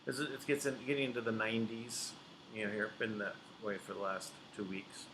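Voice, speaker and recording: A man hosting a casual online show over a remote call, talking in halting bits that trail off. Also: lowish voice, little pitch movement, noisy background. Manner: halting, trailing off mid-sentence. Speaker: show host.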